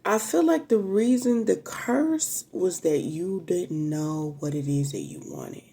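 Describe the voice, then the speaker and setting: A woman's voice: lowish voice, big pitch swings, takes it slowly, creaky, warm tone, husky. A woman giving a casual, emotional tarot reading straight to her viewers, chatting freely and swearing now and then. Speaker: tarot reader.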